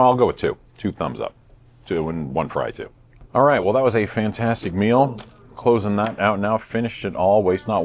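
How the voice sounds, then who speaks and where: Low-voiced dude doing a joky food review vlog, dry self-mocking humor. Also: male voice. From United States. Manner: playful, self-mocking, deadpan jokes. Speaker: host.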